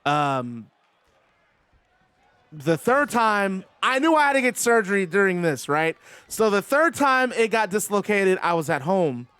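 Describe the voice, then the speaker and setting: A man casually commentating a video game wrestling match, rambling and excitable, drifting into personal stories. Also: high voice, measured pace, clean tone, no room sound. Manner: chatty, rambling and excitable, swears. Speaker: host and commentator.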